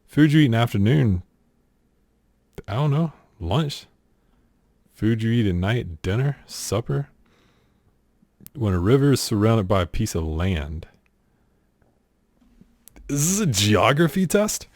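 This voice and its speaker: A man's voice: on the low side, sing-song, unhurried, long pauses, darkish tone, no echo. A man with a South Carolina accent reads quiz questions aloud and answers them in a dry, sarcastic, exasperated way. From southern United States. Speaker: streamer. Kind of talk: casual accent-tag challenge, reading questions aloud.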